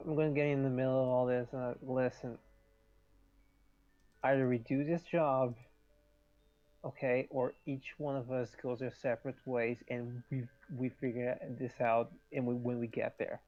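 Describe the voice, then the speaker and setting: A man's voice: mid-range voice, little pitch movement, moderate pace, lightly acted. A man voicing a level-headed adventurer who steps in firmly to settle a fight. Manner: firm, steadying. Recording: dull lo-fi sound.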